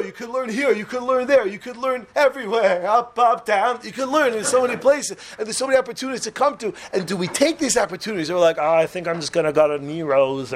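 A man teaching a class to a room of listeners, telling a lively story, acting out voices and joking with the audience. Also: high-pitched, slight background noise. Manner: animated, acts out voices, jokes with the room.

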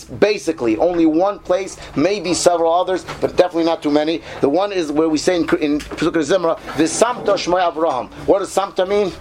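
Man, Torah teacher, slightly high voice, keeps asking "right?", stretches Hebrew words. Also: darkish tone, slight background noise. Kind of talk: casual Torah class.

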